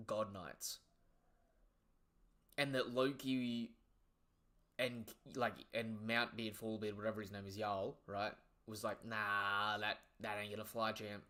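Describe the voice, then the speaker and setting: Excitable young guy with a bright voice. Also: mid-range voice. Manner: excitable, slangy, profane, trailing off into asides. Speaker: live reaction streamer. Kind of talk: casual live reaction commentary.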